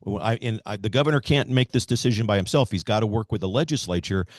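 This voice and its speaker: A low-voiced American man hosting an interview, recorded dry and close. He speaks in emphatic, campaign-style declarations, pushing his points with rising force. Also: fast, darkish tone, dry recording. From United States. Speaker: host and candidate for governor.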